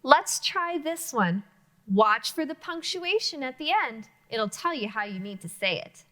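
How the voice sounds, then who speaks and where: A woman teaching early readers in a high, bright voice. She speaks slowly and clearly, with a lively, bouncing pitch that suits young children. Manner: slow, clearly enunciated, encouraging teacher talk. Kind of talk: reading lesson for young children. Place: classroom-style video lesson.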